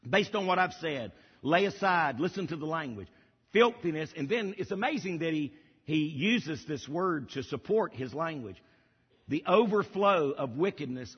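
A man's voice: a little high, breathy edge. A middle-aged male pastor preaching a sermon, emphatic and repeating key phrases for weight. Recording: dull lo-fi audio with long hall reverb.

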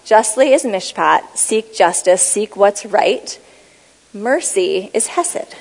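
Woman teaching a bible lesson, calm explaining tone, slows down to read verses. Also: medium pitch, vocal fry, in a large hall, low-quality recording. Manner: measured, explanatory, reads scripture aloud slowly. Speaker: speaker on Bible study. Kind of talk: teaching talk with scripture readings.

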